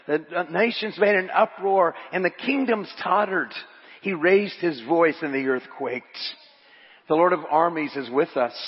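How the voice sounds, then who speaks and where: A man pastor delivering a sermon in a church, his fairly high, husky voice carrying through a long echoing hall. He reads scripture aloud and drives points home by repeating them. The recording is dull and lo-fi. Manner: asks the congregation to repeat lines.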